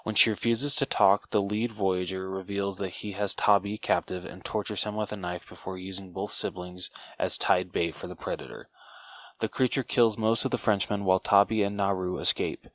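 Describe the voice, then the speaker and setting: A man co-hosting a podcast, reading a plot summary aloud in a steady way with a few stumbles and restarts. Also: deep voice, moderate pace. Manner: steady read-through with occasional stumbles. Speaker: podcast co-host.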